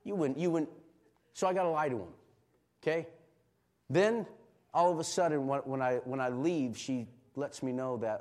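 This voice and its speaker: A middle-aged male pastor preaching a sermon, moving from quiet emotional confession to loud, shouted exhortation. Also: mid-range voice, normal speed, long pauses.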